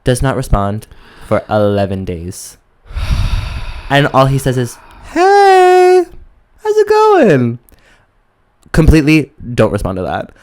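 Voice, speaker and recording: Smooth-voiced gossipy male podcaster. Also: on the low side, animated, a little slow, darkish tone. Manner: chatty, gossipy, lots of "like". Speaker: podcast co-host. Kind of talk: casual chat, storytelling.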